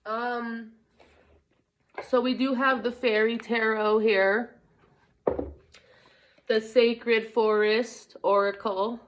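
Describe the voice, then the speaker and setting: A woman's voice: on the high side, flat delivery, extremely slow, pauses often, slight background noise. A young woman chats her way through a spiritual card reading. She rambles, stops to hunt for words, and breaks into small laughs. Her nose is running. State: runny nose. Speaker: tarot card reader. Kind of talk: casual spiritual vlog talk.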